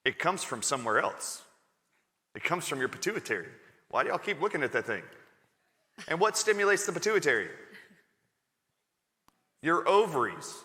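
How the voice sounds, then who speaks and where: A man's voice: on the high side, big pitch swings, moderate pace, pauses often, bright, forceful tone, long reverb tail. A man on a conference panel speaking as a practitioner, emphatic and incredulous. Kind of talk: live conference panel talk. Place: conference stage.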